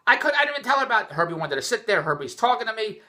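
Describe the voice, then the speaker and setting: A man's voice: high-pitched, big pitch swings, rapid-fire, pushed and bright. A middle-aged man vlogging indoors, telling a rambling, exasperated story with many restarts. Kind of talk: rambling personal vlog rant. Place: indoors, just came in from the rain.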